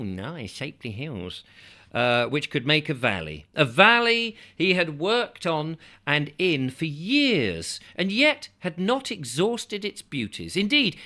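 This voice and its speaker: A man reading an old travel book aloud, breaking off now and then for casual, joking asides. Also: a little high. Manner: lively reading broken by chatty, joking asides. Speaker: audiobook reader. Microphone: close microphone, near overload.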